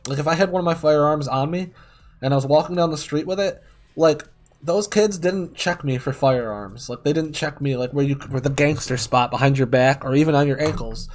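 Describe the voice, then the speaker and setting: Male streamer, slightly high voice, rambling and profane, casual gaming chat. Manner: rambling, heavily profane, many fillers. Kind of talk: casual storytelling while gaming.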